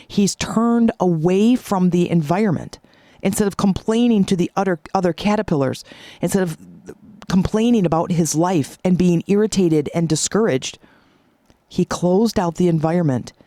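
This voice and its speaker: A woman's voice: lowish voice, warm tone, no room sound, clean studio sound. A woman hosting a motivational podcast, coaching listeners in an emphatic, repetitive way. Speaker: podcast host.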